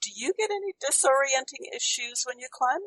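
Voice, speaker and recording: Husky-voiced woman host, joking. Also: high voice, animated, a little fast, fairly bright tone, rough recording. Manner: blunt, jokey. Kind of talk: casual interview.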